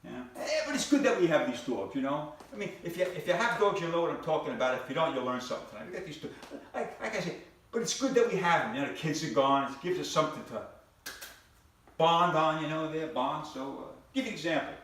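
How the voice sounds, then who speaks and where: An older man telling stand-up jokes on a club stage, in deadpan storytelling with repeated phrases. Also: a little high, quick pace, a little hiss or hum. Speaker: stand-up comedian. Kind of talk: stand-up comedy routine. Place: comedy club stage before a live audience. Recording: very echoey room from a distant mic.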